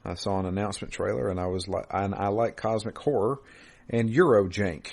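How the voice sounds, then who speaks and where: A man co-hosting a casual gaming podcast over a remote call, relaxed and quick to chuckle, often restarting his sentences. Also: fairly low pitch, gravelly. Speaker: podcast co-host. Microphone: remote call mic.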